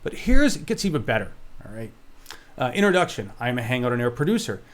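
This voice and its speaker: A man co-hosting a casual web show, talking in an animated, jokey and opinionated way. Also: medium pitch, quick pace. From Oregon. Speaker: show co-host.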